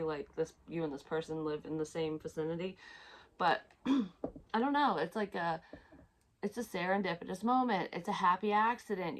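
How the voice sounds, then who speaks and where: A woman's voice: on the low side, a little hiss or hum. A woman giving a casual tarot reading, chatty, swearing freely and laughing at herself. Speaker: psychic tarot reader.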